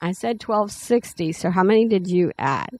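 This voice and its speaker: Reading from a draft of her own story, a middle-aged writing-channel host goes at an easy pace in a plain style, correcting herself slightly, then addresses her audience. She has an expressive, lowish voice with a darkish tone on a rough recording.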